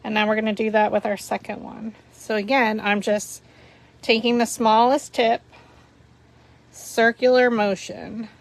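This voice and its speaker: A woman's voice: a little high, vocal fry. A woman hosting a live paper flower tutorial, talking through each step as she works and chatting and laughing with viewers. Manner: chatty, giggly, talks through steps while working.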